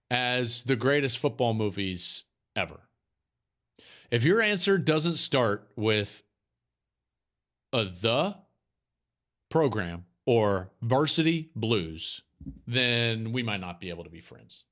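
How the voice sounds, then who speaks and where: A man with a fairly bright, higher-than-average voice hosts a football podcast. It's casual chat, delivered emphatically, and he repeats his points for effect.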